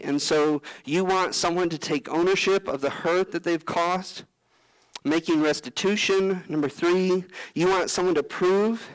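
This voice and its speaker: A man's voice: on the high side, rough recording. Earnest man preaching a sermon. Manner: earnest preaching, acting out quoted prayers and Bible figures. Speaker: pastor.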